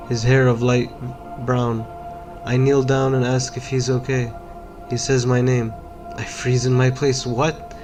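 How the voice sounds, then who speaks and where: A man from Palestine whose first language is Arabic, reading a first-person horror story as a measured, dramatic inner monologue. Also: mid-range voice.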